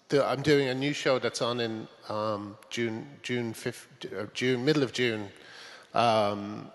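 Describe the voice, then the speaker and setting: A man from Britain, a guest comedy writer, talking on stage in a halting way with many restarts. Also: mid-range voice, a bit bright. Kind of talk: onstage conversation. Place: conference stage. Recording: long conference-hall reverb.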